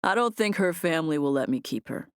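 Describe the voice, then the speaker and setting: A woman narrator voicing a friendly, teasing young man, lowering her voice slightly. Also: animated, quick pace, smooth, no echo, clean studio sound. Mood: easy teasing.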